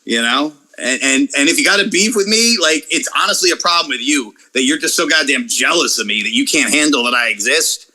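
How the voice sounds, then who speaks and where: A man's voice: fairly high pitch, a little fast, hardly any pauses. A man talking in a casual podcast chat, ranting and swearing freely about online critics. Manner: profane, animated, ranting. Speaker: wrestling YouTuber guest.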